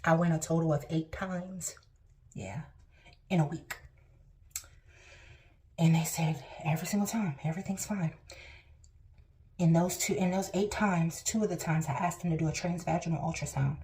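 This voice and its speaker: A woman's voice: low voice, moderate pace, pauses often, darkish tone. A woman vlogger telling a personal story to her viewers in a chatty, emphatic way. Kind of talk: casual storytelling to camera.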